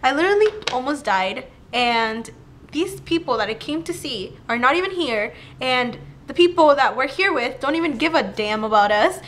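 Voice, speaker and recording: A young woman telling a personal story to camera in a chatty, animated way, with "like" all through her talk. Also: sits high, normal speed, a little hiss or hum. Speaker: vlogger. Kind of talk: casual storytime.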